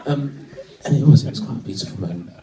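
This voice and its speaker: A man from Britain doing a stand-up routine, telling a wry story with sudden excited bursts. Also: mid-range voice, fast talker, distant mic. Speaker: stand-up comedian. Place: comedy venue with a live audience. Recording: echoey venue, mic from afar.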